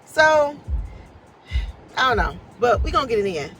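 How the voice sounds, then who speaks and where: A woman's voice: medium pitch, big pitch swings, fast talker, a bit bright, a little hiss or hum, poor audio. A woman, chatting casually and animatedly from her parked car as a tarot reader, laughing and swearing freely. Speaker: tarot reader and life coach. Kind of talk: casual chat to camera.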